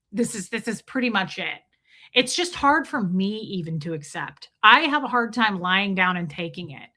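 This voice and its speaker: Woman streamer, casual and indignant rambling, bright and tense tone. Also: medium pitch. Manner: rambling, indignant, addresses viewers mid-sentence. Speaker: livestream host reading chat. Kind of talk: casual livestream commentary.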